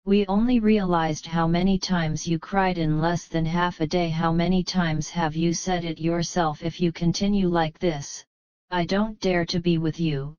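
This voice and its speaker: Brief: mischievous boy hero in a storybook, voiced by a woman. Slow, clean delivery, slightly muffled sound. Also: on the low side, fairly even intonation, darkish tone, clear, resonant tone, no room sound, natural voice. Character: cheeky mischievous young male martial hero.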